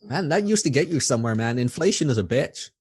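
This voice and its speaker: A man's voice: mid-range voice, fast talker, slightly rough, no echo. Young Dutch man, dry close sound. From Netherlands. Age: young adult. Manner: animated, ranting, swears casually. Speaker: podcast guest. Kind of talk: casual chat.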